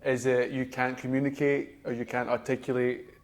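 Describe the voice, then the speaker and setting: A man's voice: mid-range voice, level tone, normal speed. A young man with a West of Scotland accent co-hosting a podcast in casual, sweary, blunt chat. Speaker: podcast co-host.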